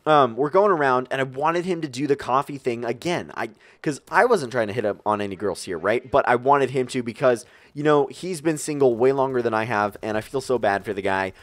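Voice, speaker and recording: A young man tells a story to his camera in a loose, rambling way, full of fillers. His voice sits in an ordinary middle pitch. The sound is dry and close, with little room echo. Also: a little fast, few pauses. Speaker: vlogger. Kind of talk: casual storytime vlog.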